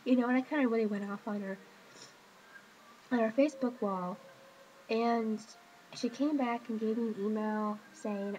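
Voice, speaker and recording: A woman speaking to camera in a personal confessional vlog, hesitant and emotional, stopping often with pauses and fillers. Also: fairly high pitch, steady tone, a little mellow, a little hiss or hum, poor audio. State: emotional, hurting. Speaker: vlogger.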